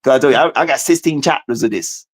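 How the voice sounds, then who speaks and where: A man talking as a guest in casual, animated chat, full of cursing, laughs and quick asides. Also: medium pitch.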